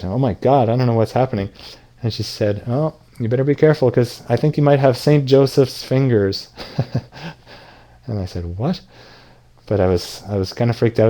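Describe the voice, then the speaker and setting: Mellow-voiced man animatedly telling a dream. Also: mid-range voice. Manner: animated storyteller who acts out quoted lines with lifted voice. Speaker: lucid dreaming teacher. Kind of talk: casual talk retelling a dream to an audience.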